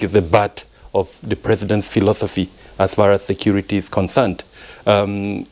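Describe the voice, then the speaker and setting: A man weighs in as a guest analyst on a live news panel. His voice sits a little low, and he talks in a measured way, stopping often with fillers and restarting his sentences. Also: darkish tone, rough recording. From Nigeria.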